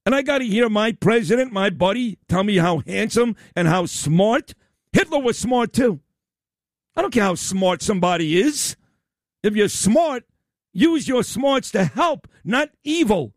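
A male radio host with a high, lively voice that swings up and down as he rants. He is loud, combative and blunt, throwing in profanity. The studio sound is dry and close. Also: moderate pace, no room sound. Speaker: radio talk show host. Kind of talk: opinion radio rant.

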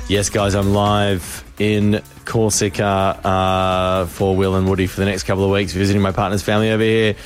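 A man's voice: sits low, little pitch movement, normal speed, few pauses, faint music behind. A man co-hosting a radio show from abroad, bantering and joking. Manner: jokey, slips into mock French. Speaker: radio co-host. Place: remote link from abroad.

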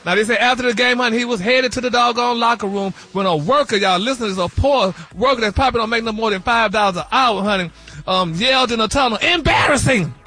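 A man's voice: very high-pitched, fast talker, pushed and bright, soft background music. A man delivering celebrity gossip on a radio morning show in a flamboyant, sassy manner, calling everyone honey. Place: radio studio.

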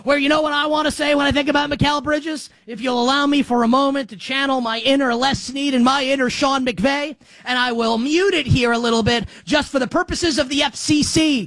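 Fired-up high-voiced New man. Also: dry recording, low-quality recording. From New York. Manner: excitable, ranting, emphatic. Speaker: sports talk show host. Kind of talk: animated sports talk monologue.

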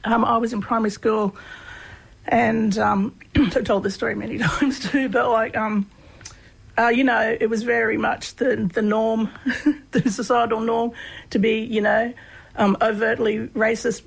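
An Australian woman, a guest researcher, telling personal stories in a relaxed, chatty way with lots of fillers. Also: fairly high pitch, measured pace, gravelly, slightly rough, poor audio. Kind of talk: conversational storytelling.

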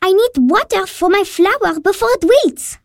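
A woman's voice: very high-pitched, dry recording, studio quality. A woman playing an eager little girl of nine. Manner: bright, excitable, quick to tears. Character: eager nine-year-old girl, devout and impulsive. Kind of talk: audio drama acting.

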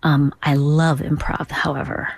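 A middle-aged woman from Duluth talks as a comedy guest, her voice low and set against a dry, close studio sound. She rambles playfully and drops now and then into whispers and quick impressions. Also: little pitch movement, creaky, husky, no room sound. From Duluth, Minnesota. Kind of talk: casual interview chat.

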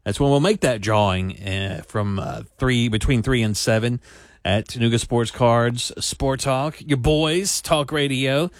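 A man co-hosting a sports talk radio show, relaxed and a little hesitant, laughing along. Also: medium pitch, a little slow, no echo, studio quality. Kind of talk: casual radio banter. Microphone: studio microphone.

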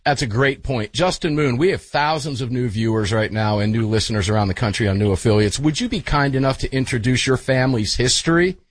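Folksy middle-aged radio host, husky. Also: male voice, mid-range voice, a little fast, hardly any pauses, no echo. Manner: energetic, folksy, calls people brother. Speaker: radio talk show host. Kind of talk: live talk radio hosting. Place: radio studio.

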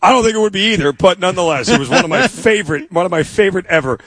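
A man's voice: sits high, lively intonation, racing, a bit bright, breathy edge, no room sound. A man co-hosting a sports radio show, telling stories casually and checking for agreement as he goes. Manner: storytelling, asks for agreement with "right?". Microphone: studio microphone.

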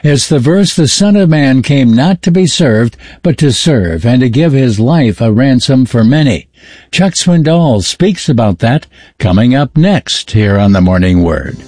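A man reading radio station announcements and a medical ad in a smooth, persuasive delivery. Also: mid-range voice, animated, unhurried, a little mellow, no echo, clean studio sound.

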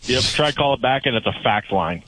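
A man's voice: mid-range voice, animated, a little fast, sharp tone, no room sound. A man calling in to a radio show, casually telling the host about a strange phone call he got. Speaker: caller. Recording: muffled phone line.

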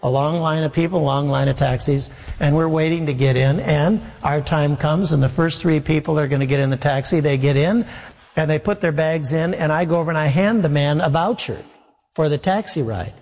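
Pastor, male, fairly high voice, lively storytelling sermon, long hall reverb. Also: fairly quick. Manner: humorous, animated anecdote with acted-out dialogue.

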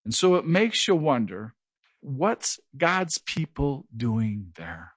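A man's voice: medium pitch, slow pace, husky, no echo. A middle-aged man preaching an earnest verse-by-verse Bible teaching, who mentions that he stutters and sometimes repeats words. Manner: earnest, lively preaching with a self-described stutter. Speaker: pastor.

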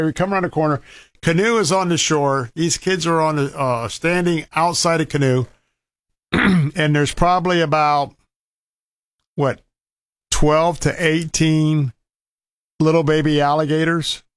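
A folksy Florida man with a slightly high voice tells an outdoor story about wildlife safety in a casual monologue, recorded dry and close with no room sound. He gives emphatic warnings, repeating words for effect.

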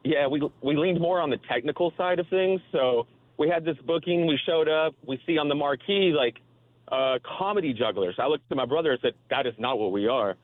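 A man's voice: a little high, brisk, dry recording. A man calling in to a radio show, telling a story in a laid-back, casual way. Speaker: caller. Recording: tinny phone line.

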